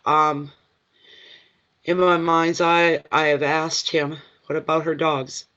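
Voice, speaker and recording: A man's voice: a little high, little pitch movement, bright, forceful tone, highs cut off. Awed man giving a psychic reading. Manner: emotional, awed, halting with many restarts. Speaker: intuitive card reader.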